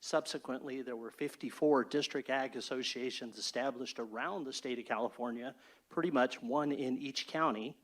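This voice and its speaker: A man who heads a state fair gives a brisk, orderly formal presentation to an advisory board. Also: mid-range voice, fairly bright tone. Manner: brisk, orderly, speech-like delivery. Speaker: state fair chief executive. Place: state board meeting room.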